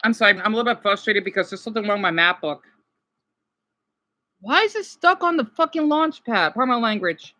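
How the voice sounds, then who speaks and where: A woman's voice: fairly high pitch, expressive, brisk, bright, forceful tone. A woman vlogger ranting casually, frustrated and swearing at her laptop.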